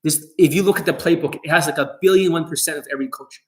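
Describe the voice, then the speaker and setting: This one is fast: a man who works as a dating coach brags to his audience in a profanity-heavy monologue. He pitches a little high for a male voice and says everything bluntly, without cushioning.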